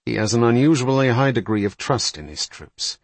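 A man reading the part of a sharp, probing male intelligence analyst who presses his argument hard in an audiobook. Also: medium pitch, expressive, fairly quick, dry recording. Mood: insistent.

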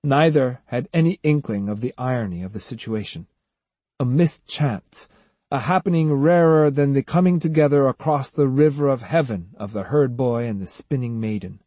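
A man narrating an audiobook in an expressive manner, acting out each character. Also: medium pitch, normal speed, no room sound. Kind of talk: scripted narration.

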